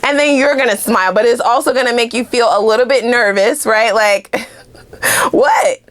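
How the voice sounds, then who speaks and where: A woman giving a casual tarot reading to her viewers, animated and blunt, swearing freely and laughing often. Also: on the high side, fairly quick. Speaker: tarot reader.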